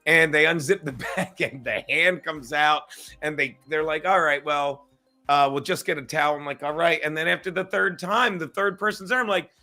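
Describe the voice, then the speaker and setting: Man, high voice, bright sharp tone, video call, rambling storyteller, swears a lot. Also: normal speed, soft background music. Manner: rambling storytelling, swears often, acts out quotes. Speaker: drop-in guest. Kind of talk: casual chat on a live stream.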